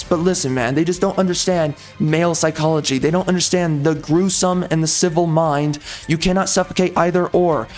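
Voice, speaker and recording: A man rants through a game review, sarcastic and exasperated, never mincing words. His voice sits high for a man. Faint music plays underneath.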